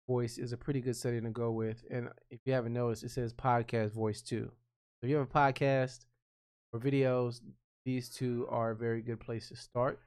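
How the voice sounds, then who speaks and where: A man's voice: mid-range voice, clear, resonant tone. A man talking casually through a screen-recorded editing tutorial, narrating each click as he thinks aloud. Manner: relaxed and conversational, with frequent restarts. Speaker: freelance video editor explaining his workflow.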